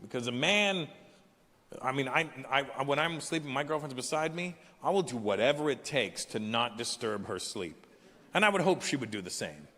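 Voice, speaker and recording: A man from Canada in his fifties, performing live stand-up with brash, animated storytelling. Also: medium pitch, normal speed. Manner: animated, brash storytelling that jumps into character voices. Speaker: stand-up comedian. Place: large live venue. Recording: echoey hall with loud ambience.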